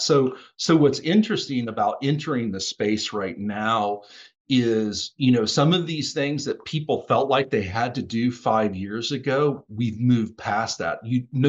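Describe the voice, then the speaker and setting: A man chats on a remote call, rambling through his points with plenty of restarts and fillers. His voice sits in a middle range, and the audio is a little dull. He talks casually, the way a consultant talks on a podcast. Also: medium pitch. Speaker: consultant, former USAID officer.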